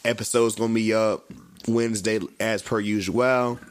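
A man's voice: fairly low pitch, level tone, normal speed, clear, resonant tone. A man co-hosting a casual sports podcast, talking in a laid-back, slangy, rambling way with lots of fillers. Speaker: podcast co-host.

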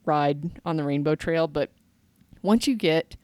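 A woman's voice: deep voice, measured pace, darkish tone, no room sound. A woman co-hosting a casual podcast who laughs easily and tells rambling stories. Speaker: podcast co-host. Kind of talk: casual chat.

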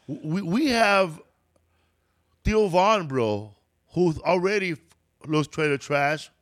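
A man's voice: a little high, lively intonation, takes it slowly, a bit bright. A man from Los Angeles co-hosting a podcast in casual chat, loose and joking, swearing freely. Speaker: podcast co-host.

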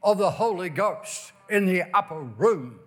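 A man's voice: high-pitched, animated, a little slow. A man preaching a sermon at a revival meeting, reading scripture aloud and drawing out key words for emphasis. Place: church during revival meeting.

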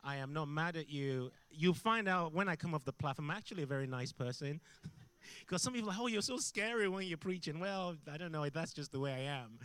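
A middle-aged man preaching to a church congregation, animated and intense, at times close to shouting. His voice sits fairly high and rings bright and forceful. The sound is dry and close. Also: brisk, clean tone, dry recording. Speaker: guest preacher. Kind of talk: sermon. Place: church hall.

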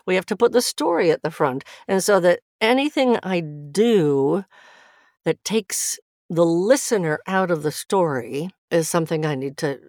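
A woman with a notably low voice speaks in a podcast interview about narration, animated and quick to laugh. Her sound is close and dry, with no room around it. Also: no room sound. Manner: animated, laughs often, restarts phrases. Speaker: audiobook narrator and acting teacher.

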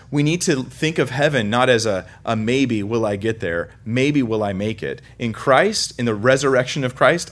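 A man from California preaching a sermon at a mid-range pitch. He drives his points home with sudden loud, high stresses, then drops to quiet, low lines. He slips in self-mocking humor and chuckles. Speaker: pastor.

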